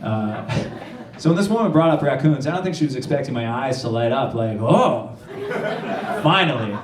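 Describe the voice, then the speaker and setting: A man doing a stand-up comedy set on a club stage, with a halting, rambling delivery full of restarts. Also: mid-range voice. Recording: roomy live club, distant mic, crowd noise.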